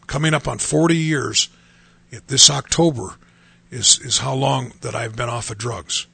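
Gravelly, earnest pastor in his fifties. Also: medium pitch, moderate pace, sharp tone, dry recording. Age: 50s. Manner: earnest, emphatic, repeats phrases for stress. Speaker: pastor and radio host. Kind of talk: radio sermon testimony.

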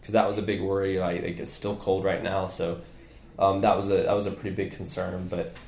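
A fairly low-pitched man talks as a guest on a casual podcast, full of energy and rambling through fillers and restarts. The room around him is echoey. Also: little pitch movement, brisk, darkish tone. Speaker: physical therapy clinic owner, guest.

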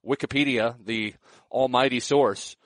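A man's voice: mid-range voice, fairly even intonation, unhurried, no echo. A man hosting a podcast, asking curious questions with light jokes. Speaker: podcast host. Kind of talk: casual interview questions.

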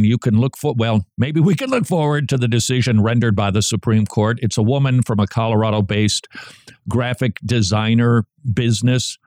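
A man hosting a talk radio show, speaking emphatically and sarcastically, with sudden jumps up in pitch for stress. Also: darkish tone, no echo, studio quality. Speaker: radio host.

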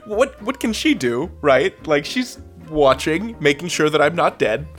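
Male podcast co-host, lively comedic storyteller with a very expressive pitch range; a faint guitar bed plays under him. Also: a little slow. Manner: animated, acts out quoted people with big pitch jumps.

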